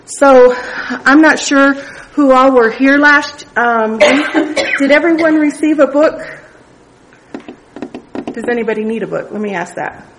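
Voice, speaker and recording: A woman's voice: high-pitched, unhurried, background noise. Earnest middle-aged woman leading Bible study. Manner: earnest, conversational storytelling. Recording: echoey room.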